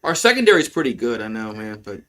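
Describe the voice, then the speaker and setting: A man's voice: big pitch swings, fast. A man calling a football game play-by-play on a livestream as a frustrated fan, rambling with restarts and now and then swearing, his voice jumping up on big plays. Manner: voice jumps high and loud on big plays. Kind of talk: casual play-by-play commentary.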